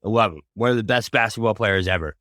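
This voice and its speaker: A man's voice: lowish voice, quick pace, bright, forceful tone, no echo, studio quality. A man co-hosting a casual sports podcast, talking earnestly and rambling through his opinions. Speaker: podcast co-host.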